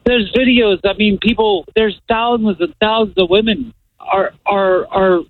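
A man's voice: high voice, unhurried. Man on a tinny phone line. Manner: excited, repetitive, indignant. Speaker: caller. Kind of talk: phone-in chat.

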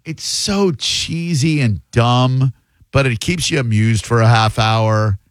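A man hosts a casual podcast in a sarcastic, teasing way. His voice sits at an ordinary pitch and sounds close and dry, with no room echo. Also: slow. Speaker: podcast host. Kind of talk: casual chat.

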